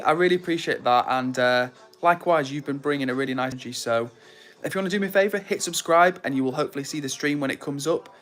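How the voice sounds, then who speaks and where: Hosting a livestream, a young man with a mid-range, somewhat bright voice reads out viewer comments in a relaxed manner. He welcomes people by name with warm, upbeat energy.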